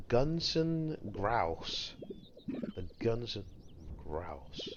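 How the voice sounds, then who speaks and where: Man streamer, casual excited reactions, swinging pitch, loud background noise. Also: measured pace, muffled recording. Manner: amused, excited exclamations.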